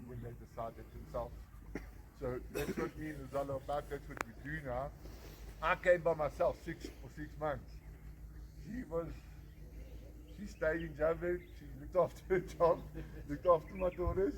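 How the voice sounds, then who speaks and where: A man's voice: medium pitch, a little hiss or hum, low-quality recording. A man giving an earnest, emphatic personal testimony as the founder of a rehab centre. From South Africa. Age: 40s. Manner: earnest, emphatic, repeats phrases for effect.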